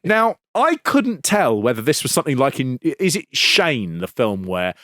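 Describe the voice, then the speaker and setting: Animated man telling a story. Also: mid-range voice, moderate pace, no room sound, clean studio sound. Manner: animated storytelling, acts out quotes, swears. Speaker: podcast co-host. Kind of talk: casual chat.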